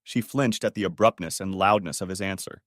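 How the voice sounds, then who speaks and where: A man's voice: deep voice, fairly quick, dry recording, clean studio sound. A man narrating a dramatic family story as an audiobook, reading expressively.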